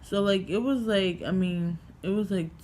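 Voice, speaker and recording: A young woman tells a storytime vlog into her camera at home, rambling and loose, packing her talk with fillers and the odd curse. Her pitch sits mid-range, and a faint hiss with some room ambience hangs behind her. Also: moderate pace, darkish tone. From New York. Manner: rambling, heavy filler words, swearing. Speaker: vlogger.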